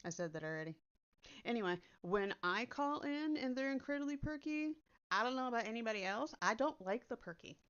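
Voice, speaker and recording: Speaking through a computer's built-in mic instead of her normal microphone, this woman has a fairly high, expressive voice that's brisk, a bit bright, clear and resonant. The dull, lo-fi audio captures a content creator in casual chat who's blunt, direct and casually profane.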